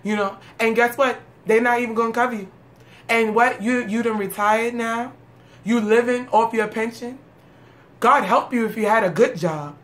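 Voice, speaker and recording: A woman's voice: fairly high pitch, moderate pace, a bit bright. Sarcastic streetwise woman. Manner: sarcastic, streetwise, laughs often. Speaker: comedic monologue host. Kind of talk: casual comedic rant.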